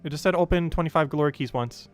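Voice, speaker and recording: A man's voice: fairly high pitch, fast, faint music behind. A young man with a New Jersey accent hosting a casual gaming livestream, rambling with lots of fillers and frequent laughs.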